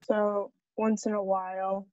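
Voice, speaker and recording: A woman's voice: mid-range voice, little pitch movement, measured pace, dark tone, dry recording. A woman student answering in an online class, hesitant and tentative. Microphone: video call. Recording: dull, dry video call audio.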